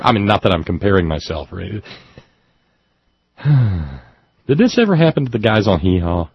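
A man with a low, husky voice, talking in a rambling, self-deprecating way as he wraps up his show. His pitch swings widely as he goes. The sound is dry and dull, like a lo-fi recording. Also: animated, a little fast, dry recording. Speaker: host. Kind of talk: casual radio show chat.

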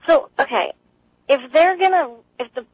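A woman's voice: high-pitched, normal speed, dry recording. Young woman caller on a phone line. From Texas. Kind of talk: casual call-in chat. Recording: dry, dull phone line.

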